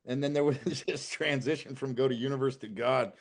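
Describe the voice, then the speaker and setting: A man's voice: medium pitch, fairly even intonation, brisk. A man talking as a guest on a casual podcast, impassioned and swearing freely, building to emphatic outbursts.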